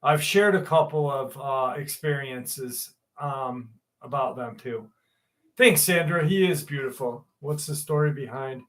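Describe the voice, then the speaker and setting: Slow-talking man hosting a home livestream. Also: mid-range voice, a bit bright, low-quality recording. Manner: rambling, loose, with fillers and swearing. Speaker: livestream host. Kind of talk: casual livestream chat answering viewers. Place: room at home.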